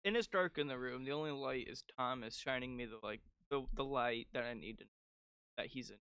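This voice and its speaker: A young man with a bright, clear, smooth voice tells animated childhood stories on a podcast, peppered with filler words. The mic is close and dry. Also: medium pitch, brisk, no room sound. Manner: animated storytelling with frequent "like" fillers. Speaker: podcast co-host. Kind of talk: casual chat.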